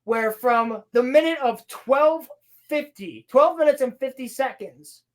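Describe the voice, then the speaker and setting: A woman's voice: high voice, measured pace. A woman hosting a podcast, recapping a TV episode in a sarcastic, profane, mocking way. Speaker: podcast host reviewing a TV episode.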